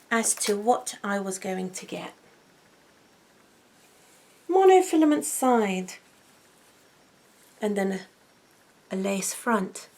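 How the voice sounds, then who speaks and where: Slow, gravelly woman chatting. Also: medium pitch, darkish tone. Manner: chatty and gushing, repeats words for emphasis. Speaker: wig vlogger. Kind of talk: relaxed intimate chat.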